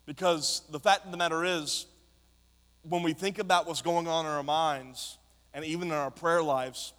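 A man preaching with fervor, his voice ringing through a church hall with a long reverb. His tone sits a little high for a man, and his delivery builds in intensity as he calls out to the congregation. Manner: impassioned, rising to shouts. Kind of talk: sermon. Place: church sanctuary.

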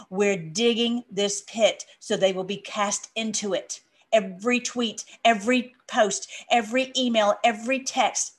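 Woman preacher, animated, informal scripture talk, laughs often. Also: medium pitch. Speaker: online preacher. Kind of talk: informal Bible teaching.

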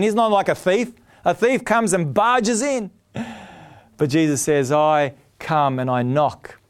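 A man's voice: sits high, smooth. A man preaching a sermon, earnest and emphatic, often repeating his key phrases.

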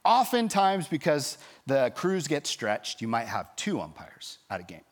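A man pastor delivers a sermon as a story, his pitch rising and falling widely as he acts out the people he quotes. His voice sits at a middle pitch and he talks in a lively way. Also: unhurried.

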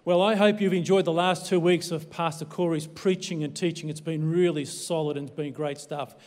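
An Australian man preaching a sermon, his voice ringing with a long reverb. His pitch sits high for a man, and he keeps the talk light with jokes at his own expense. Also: a little mellow. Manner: jokey, self-deprecating. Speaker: pastor. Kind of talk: livestreamed sermon.

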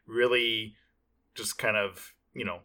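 Bright-voiced man chatting about movies. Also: fairly low pitch, fairly even intonation, takes it slowly. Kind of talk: casual movie review chat.

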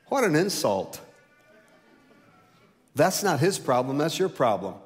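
A male pastor preaching a sermon, rising loud and high to stress a point, then dropping low and slow. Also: very animated. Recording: long hall reverb.

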